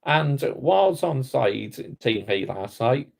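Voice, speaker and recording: Slow, gravelly West Country man ranting. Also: mid-range voice, sing-song, darkish tone. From Somerset, England. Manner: indignant, blunt, repetitive catchphrases. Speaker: football fan channel host. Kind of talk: ranting reaction vlog.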